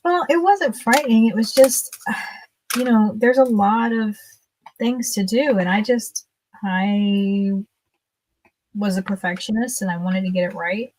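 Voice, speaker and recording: A woman's voice: mid-range voice, measured pace, darkish tone, a little hiss or hum. Chatty woman in her fifties, laughing often. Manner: chatty, laughs often while telling stories. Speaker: livestream guest. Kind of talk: casual storytelling.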